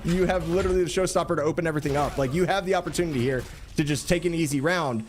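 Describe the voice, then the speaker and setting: A man casting an esports match, explaining plays analytically and getting excited during fights. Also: on the high side, racing, slight background noise. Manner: analytical, asks rhetorical questions, rises excitedly during action. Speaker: esports caster. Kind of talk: play-by-play commentary.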